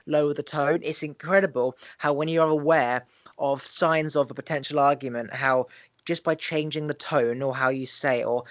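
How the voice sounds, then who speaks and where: A man hosts a casual podcast, his voice a little higher than most men's. The sound is close and dry, with no room around it. He explains his points in an animated way and acts out examples as he goes. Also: normal speed, no echo. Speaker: podcast host.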